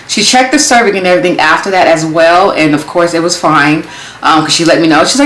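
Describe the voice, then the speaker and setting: A young adult woman telling a story in a casual vlog, animated and acting out her own thoughts as she goes. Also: fairly low pitch, fast. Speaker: vlogger. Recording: roomy echo.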